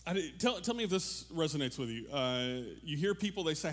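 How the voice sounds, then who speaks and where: A pastor giving a relaxed, conversational sermon to his congregation, joking with them and restarting his sentences often. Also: on the high side, brisk. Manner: casual, animated, joking, many fillers and restarts. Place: church room with a congregation.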